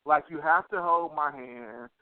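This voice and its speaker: A man co-hosting a casual podcast, swearing freely and leaning on "like" as he tells an animated story. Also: fairly high pitch, measured pace. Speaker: podcast co-host. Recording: tinny phone-line sound, dry.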